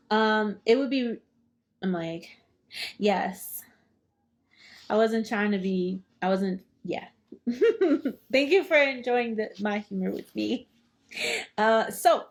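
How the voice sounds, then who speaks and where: A woman reads a book aloud at an unhurried, deliberate pace, hosting a study session. She breaks off often to put things in her own casual words, joking and laughing at herself along the way. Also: medium pitch. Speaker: study group host. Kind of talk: reading a book aloud with commentary.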